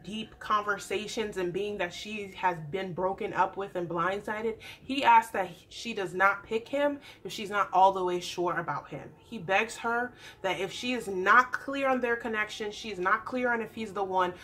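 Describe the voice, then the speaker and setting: A young adult woman chatting through a casual TV recap, animated and acting out the people she describes. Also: medium pitch, moderate pace, few pauses. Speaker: YouTube TV recap host.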